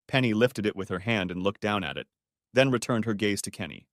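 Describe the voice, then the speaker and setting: Male storyteller, lively pitch, dry and close-miked, expressive reading. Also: a little fast, no echo. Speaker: story narrator. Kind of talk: audiobook narration.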